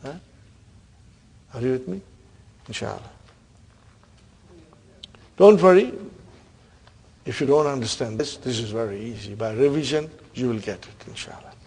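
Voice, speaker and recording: A man's voice: mid-range voice, lively intonation, measured pace, creaky, long pauses, a little mellow, husky. A man teaching an Arabic grammar class, quizzing students and repeating terms with frequent checks of "huh?". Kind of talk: classroom lesson.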